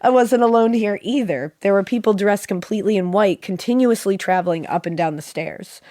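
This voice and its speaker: A woman with a sick voice reading a listener's dream story aloud as a podcast co-host, animated and joking. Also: medium pitch, brisk, no echo, clean studio sound. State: sick, voice a little off.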